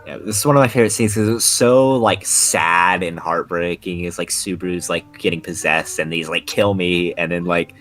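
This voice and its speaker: A young man chats casually on a podcast in a slightly low voice, stumbling through restarts and fillers as he goes. Faint music plays underneath. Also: fairly even intonation, a little fast, hardly any pauses, a bit bright. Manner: rambling, many restarts and "like" fillers. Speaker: podcast co-host. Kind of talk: casual anime podcast chat.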